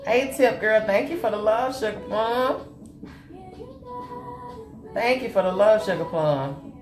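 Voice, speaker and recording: A woman hosting a live makeup tutorial, chatting with her viewers as she works and calling them honey and sugar. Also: sits low. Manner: animated and chatty, greets viewers with terms of endearment. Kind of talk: live-stream chat with viewers while demonstrating makeup. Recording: roomy echo with faint music behind.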